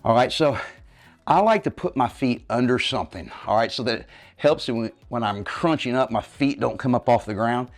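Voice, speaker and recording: In a mid-range, expressive voice at normal speed, a fitness coach in his fifties guides viewers through a workout in his home living room. He gets out of breath demonstrating the moves, coaching and checking in with "okay, guys?"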